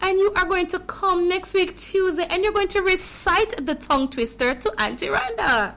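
A woman's voice: extremely high pitch, moderate pace, over music. A woman hosting a children's radio show, chatting playfully with kids on air and laughing at her own slips.

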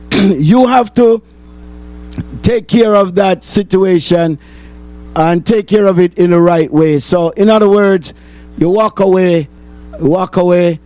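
A man's voice: high-pitched, slow pace, pauses often, a little mellow. A man hosting a call-in talk show, rambling and repeating himself for emphasis.

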